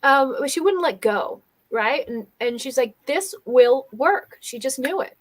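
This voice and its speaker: A woman in a coaching role hosts a casual livestream conversation with a fairly high voice. She tells her stories with animation, acting out other people's lines as she goes. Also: moderate pace. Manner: animated storytelling, acting out quoted dialogue. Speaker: host and business coach.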